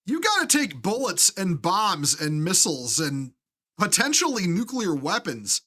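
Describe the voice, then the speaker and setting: His voice sits high and sounds bright and forceful, very animated, as this US live-stream host rants in a heated, profane way, repeatedly halting and restarting.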